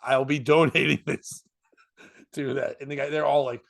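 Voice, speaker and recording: A comedian telling a story in casual chat, slipping into voices and laughing often. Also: male voice, medium pitch, normal speed, creaky, a little hiss or hum. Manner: animated, jumps into voices and laughs.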